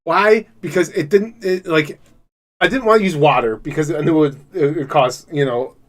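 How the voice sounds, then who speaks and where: A man co-hosting a casual podcast chat, telling a rambling, profane story that turns loud and laughing when he gets excited. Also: a little high, normal speed. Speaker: podcast co-host.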